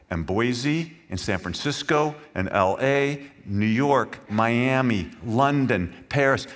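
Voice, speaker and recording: A man's voice: medium pitch, fairly bright tone. A man preaching a sermon to his congregation, earnest and emphatic, speaking directly to the listeners. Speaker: pastor.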